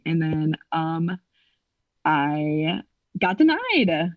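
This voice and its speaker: A woman's voice: on the low side, moderate pace, no room sound. Chatty young woman telling a story. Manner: animated, acts out quotes, many fillers. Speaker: podcast co-host. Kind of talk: casual storytelling. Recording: dull, dry sound.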